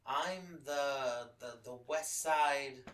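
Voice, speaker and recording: A podcast host tells a personal story in a frank, swear-filled casual style. His voice is bright and forceful. He sits back from the microphone in an echoey room. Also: mid-range voice, drawn-out words, distant mic. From Los Angeles. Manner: profane, candid, emotional storytelling.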